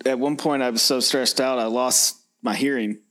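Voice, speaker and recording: A man's voice: mid-range voice, steady tone, moderate pace, fairly bright tone. A man, a filmmaker, talking casually and a bit hesitantly about making his film. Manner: easygoing, hesitant with fillers. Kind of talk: casual interview talk.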